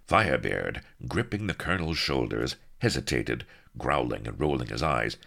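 Male audiobook narrator, very low and gravelly, wry mock-heroic delivery with lively inflection. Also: moderate pace, few pauses.

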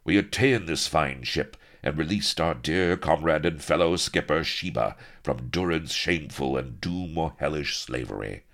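A man's voice: rumbling low, lively intonation, moderate pace, hardly any pauses, a bit bright, exaggerated voice. A man voicing a male pirate captain who declaims to rouse his crew. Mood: rousing.

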